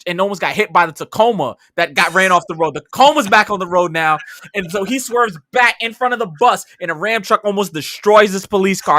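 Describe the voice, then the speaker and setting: A young man from the New York City area holds the floor as a podcast co-host, swearing freely and acting out his own reactions. His voice is bright and forceful and sits a little high. The sound is dry and close. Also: dry recording. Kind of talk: casual storytelling chat.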